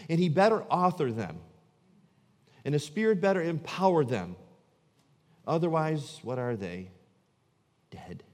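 A man preaching a sermon as pastor, swinging from loud, emphatic lines to low, hushed ones. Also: long reverb tail.

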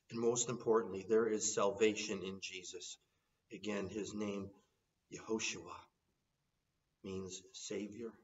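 Man, preacher, earnest sermon, scripture quotes, distant mic, dull muffled sound. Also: on the low side. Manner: earnest preaching, quoting scripture, rising in urgent appeals.

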